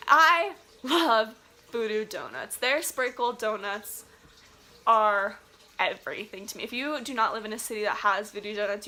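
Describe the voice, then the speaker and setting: A young woman vlogger from Colorado, telling a story in a casual, animated and dramatic way, saying "like" often. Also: fairly high pitch. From Colorado, USA.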